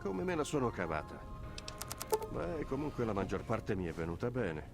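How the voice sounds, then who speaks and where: Older male doctor in a video game, gentle bedside manner, low, melodic delivery over game music. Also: sing-song, a little fast, gravelly. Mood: calm, reassuring. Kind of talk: dubbed video game dialogue.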